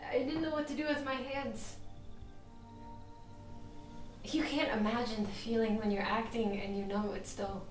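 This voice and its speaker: An actress playing a weary, heartbroken young actress, speaking haltingly with stammered restarts, in a filmed stage drama scene. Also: female voice, on the high side, steady tone, lightly acted. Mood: exhausted. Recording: roomy, distant mic with music.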